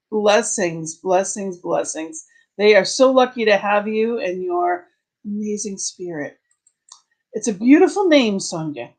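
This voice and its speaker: A woman's voice: on the high side, a little mellow. A woman leading an online spiritual service, greeting viewers by name and introducing a guest with gushing praise. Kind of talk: welcoming service host talk.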